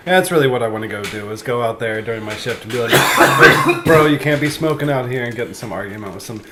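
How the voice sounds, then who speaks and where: A man's voice: medium pitch, animated, quick pace. A man telling a rambling, profane story in casual podcast chat, acting out the people in it. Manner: rambling, profane, slips into quoted voices. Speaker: comedian guest. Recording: noisy podcast recording.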